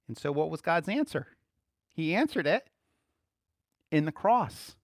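A man preaching in a loose, conversational way, acting out the lines he quotes. His voice sits a little high and swings widely up and down. The sound is close and dry. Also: big pitch swings, measured pace, long pauses, dry recording. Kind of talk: casual sermon.

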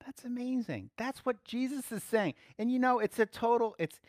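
Animated, playful male preacher. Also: very high-pitched, normal speed, no echo, clean studio sound. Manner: animated and playful, laughs often. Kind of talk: casual spoken sermon.

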